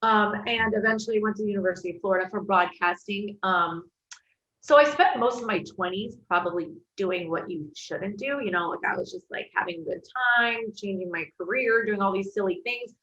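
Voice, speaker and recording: A woman, originally from England, talking as a TV host guest in a relaxed interview, chatty and full of "like" and "you know". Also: medium pitch, a little fast. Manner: chatty, laughs easily, lots of "like" and "you know". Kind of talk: casual interview storytelling. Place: home in Florida. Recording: echoey, slightly dull video call audio.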